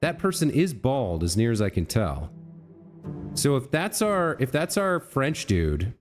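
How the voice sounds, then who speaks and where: Faint music plays behind a man hosting a let's play as he reasons through a puzzle, self-correcting and talking to the on-screen figures. His medium-pitched voice swings widely in pitch and runs a little slow.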